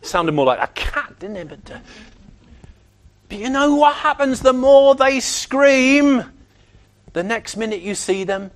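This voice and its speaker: Preacher with a very high voice for a man. He delivers a sermon with emphatic, animated energy, slipping into other people's voices to make a point. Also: measured pace.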